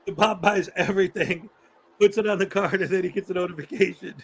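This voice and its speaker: A man with a fairly high voice hosts a loose, casual chat. He rambles through stories, laughs often and slips into acting out the people he talks about. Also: steady tone, brisk, vocal fry, a little hiss or hum, poor audio. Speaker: host.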